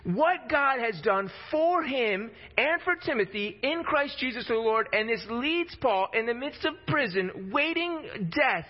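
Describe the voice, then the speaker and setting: A man's voice: very high-pitched, animated, unhurried, few pauses. A man preaching a sermon in a conversational way, acting out quotes in a casual voice. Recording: dull lo-fi sound with long hall reverb.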